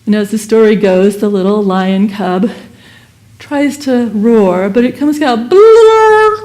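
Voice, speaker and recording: A woman giving a Sunday service sermon and telling a parable in an animated, expressive way. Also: medium pitch, unhurried. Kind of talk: sermon with storytelling.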